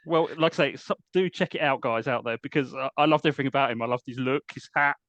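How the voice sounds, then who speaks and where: A man's voice: medium pitch, fast talker, a bit bright, dry recording. A man hosting a casual podcast interview, chatty and enthusiastic, often restarting his sentences. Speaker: podcast host.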